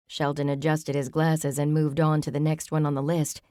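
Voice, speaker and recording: A woman narrating an audiobook with measured, even scripted storytelling. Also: low-pitched, no echo, clean studio sound.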